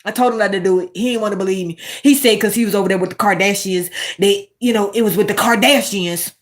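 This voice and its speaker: A woman hosting a casual commentary monologue, animated and swearing, talking straight to her viewers. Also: medium pitch, fast talker. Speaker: commentary host.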